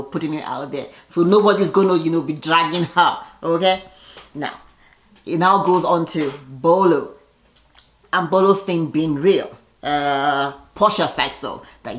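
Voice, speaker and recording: A woman's voice: on the low side, roomy sound. Gossipy woman recapping reality TV. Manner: gossipy and animated, voices the cast members in quick asides and laughs. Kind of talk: casual recap commentary.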